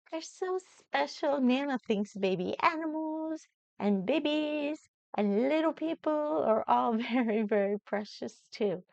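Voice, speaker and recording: An older woman reading gently to young children, coaxing them with questions in a slow, sing-song manner. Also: sits high, animated, gravelly, dry recording. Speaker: children's storyteller. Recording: dull lo-fi sound.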